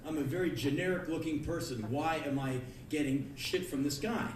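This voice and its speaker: A man in his thirties doing live spoken word storytelling on a concert club stage, animated and bursting into loud acted-out quotes. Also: on the high side, moderate pace. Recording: echoey live club recording from far off. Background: audience laughter and room noise.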